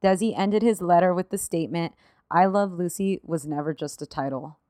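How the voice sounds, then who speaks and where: Reading partly from notes, a podcast co-host shares a story in relaxed conversation, swearing freely, getting emotional, and laughing through her tears. She has a low-leaning, mellow voice and a brisk pace, in a dry, studio-quality recording.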